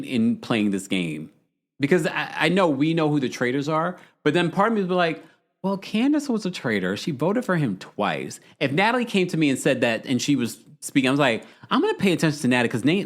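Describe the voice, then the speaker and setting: Animated man ranting casually. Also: on the high side. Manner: animated, reading chat comments aloud; blunt, exasperated rants. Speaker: podcast host. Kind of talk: casual livestream commentary.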